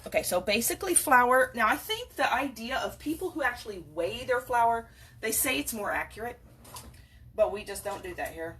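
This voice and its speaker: Her tone fairly bright, a woman bakes in her home kitchen and chats aimlessly for a laid-back cooking video, with a little background noise present. She wanders from topic to topic and addresses her cats in a playful, high-pitched way.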